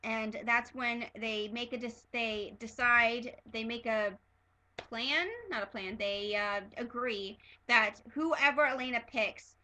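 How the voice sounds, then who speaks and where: A woman recaps a TV episode for her fan vlog in a rather high, bright, forceful voice. She gushes and rambles, full of fillers and restarts. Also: slow, rough recording. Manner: excitable, gushing, many fillers and restarts. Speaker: TV episode reviewer. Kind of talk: casual fan review vlog.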